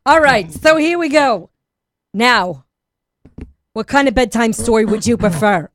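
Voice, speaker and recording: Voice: medium pitch, animated, measured pace, fairly bright tone. A host leading a casual comedy chat, teasing and sarcastic with the guys. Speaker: show host. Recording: faint background noise.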